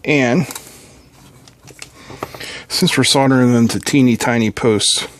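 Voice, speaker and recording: A man's voice: mid-range voice, slow. A mid-voiced man from the Appalachian region of the US talks through a soldering job at his home workbench. His delivery is casual and chatty, with self-deprecating asides as he works. A faint background hiss sits under the recording. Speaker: electronics tutorial host.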